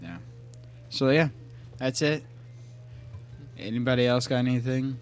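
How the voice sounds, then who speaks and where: A man co-hosting a podcast in loud, joking, profane banter. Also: medium pitch, a little slow, soft background music. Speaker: podcast co-host. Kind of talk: casual chat.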